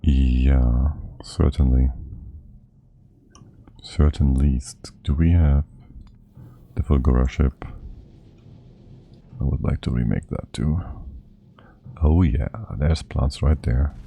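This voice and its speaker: Male streamer, very deep and dark, unhurried casual thinking-aloud gameplay chatter, a little winded. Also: fairly even intonation, gravelly, husky. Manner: muttering to himself, thinking aloud. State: slightly out of breath. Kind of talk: casual live-stream commentary while playing.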